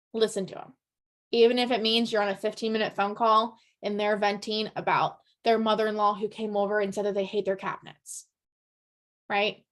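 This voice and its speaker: A woman's voice: a little high, fairly bright tone. A woman leading a real estate team training, upbeat and chatty, often checking in with "right?". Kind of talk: training presentation to colleagues.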